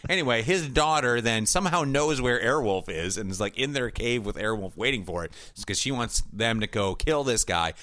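A man's voice: mid-range voice, moderate pace, hardly any pauses, no room sound. A man in his forties co-hosting a podcast, casually retelling a TV episode with laughter and quoted voices. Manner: animated, laughing, acts out quotes in funny voices. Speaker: podcast co-host. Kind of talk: casual chat recapping a TV episode.

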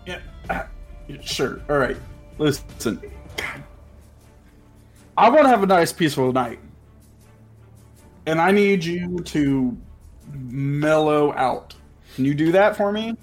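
A man's voice: fairly high pitch, animated, slow, pauses often, soft background music. A man voicing a blunt, pushy male innkeeper who gets flustered while lecturing a guest.

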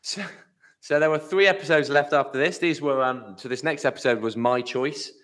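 A man's voice: a little high, normal speed, a bit bright. A man co-hosting a podcast, chatting casually and with amusement, trailing off with fillers. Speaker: podcast co-host. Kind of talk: casual chat.

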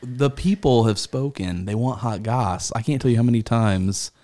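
A man's voice: medium pitch, normal speed, dark tone. A man co-hosting a podcast, playful and joking in casual banter. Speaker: podcast co-host.

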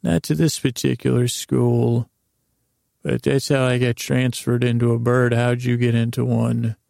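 A man's voice: medium pitch, little pitch movement, a little slow, vocal fry, a little mellow, no echo, clean studio sound. A man voicing a chatty male bird who used to be a grass salesman, in his own casual, rambling voice. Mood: matter-of-fact.

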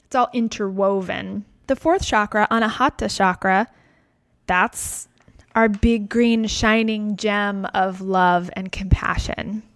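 Woman, teacher, calm, reflective, dry close recording. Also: medium pitch, no echo. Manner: calm, reflective, checks in with "right?". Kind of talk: teaching talk on chakras.

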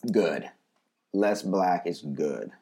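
A man's voice: low-pitched, lively intonation, drawn-out words, vocal fry, mellow. A man co-hosting a podcast in casual chat, joking and sarcastic. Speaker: podcast co-host.

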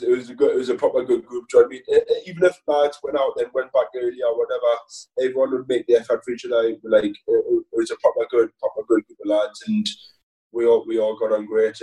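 Mellow-voiced footballer telling stories. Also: male voice, medium pitch, flat delivery, quick pace, distant mic, rough recording. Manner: rambling, laughing, lots of restarts and fillers. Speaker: footballer guest. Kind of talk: casual interview chat.

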